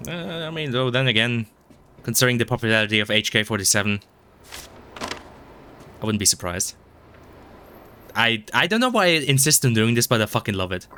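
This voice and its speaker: A man's voice: mid-range voice, expressive, fairly quick, pauses often, pushed and bright, slight background noise. A man streaming a video game, chatting in a rambling, self-mocking way, swearing a lot and stumbling over his words. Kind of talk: casual gameplay commentary. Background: game music.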